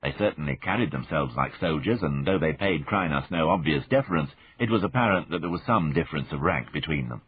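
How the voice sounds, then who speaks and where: A man narrating a novel in the first person, with measured, observant storytelling. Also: very deep voice, expressive, husky, dry recording. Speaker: audiobook narrator. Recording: phone-like narrow band.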